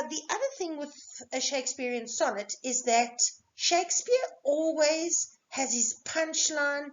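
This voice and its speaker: A woman teaching an exam revision lesson, explaining patiently and answering her own questions. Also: high voice. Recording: dull lo-fi recording.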